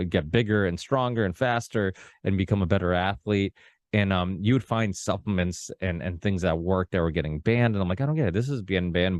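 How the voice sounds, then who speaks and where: A man born in Portugal, hosting a podcast and telling a personal story in an animated, casual way, with many restarts and some swearing. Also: low-pitched, smooth, dry recording. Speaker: podcast host. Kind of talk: casual conversation.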